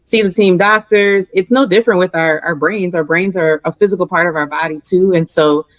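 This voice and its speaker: Low-voiced woman with a New Orleans accent. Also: steady tone, no echo, rough recording. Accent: New Orleans Southern US. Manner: articulate, measured. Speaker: guest psychologist. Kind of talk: interview answers.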